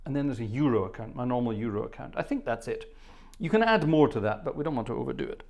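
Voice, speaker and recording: A man's voice: mid-range voice, animated, quick pace, creaky, darkish tone. A middle-aged man hosting a live music stream, jovially rambling and joking as he reads out viewers' names from the chat. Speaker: live stream host and organist. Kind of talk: chatty live stream banter. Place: home studio.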